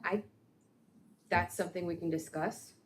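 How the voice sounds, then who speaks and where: During a committee meeting briefing, a woman on the city staff explains an ordinance in a very low voice. She speaks hesitantly, with many fillers and restarts, while a steady room hum is clearly audible behind her.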